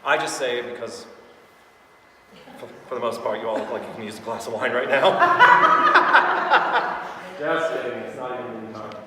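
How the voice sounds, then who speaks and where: A man giving a live sales training to an audience, chatty and quick to laugh, full of anecdotes. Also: medium pitch, very noisy. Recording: echoey hall recorded from far off.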